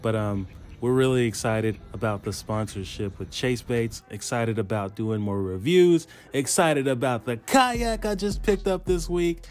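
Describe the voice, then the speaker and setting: A man, chatting excitedly to viewers in a casual fishing vlog, recorded outdoors by a pond. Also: mid-range voice, unhurried. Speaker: fishing vlogger.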